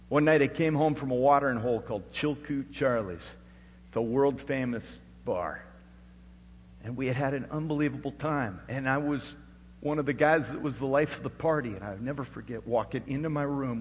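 Middle-aged man, pastor, sermon with testimony, hall reverb, shifts from hushed telling to loud preaching. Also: mid-range voice, moderate pace, slight background noise. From Alaska. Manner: swings from hushed storytelling to loud, rising preaching.

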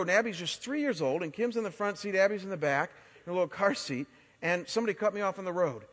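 A man in his forties, a pastor preaching a sermon and telling stories in an animated way, often restarting his words. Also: high-pitched. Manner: animated storytelling with frequent word restarts. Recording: long hall reverb.

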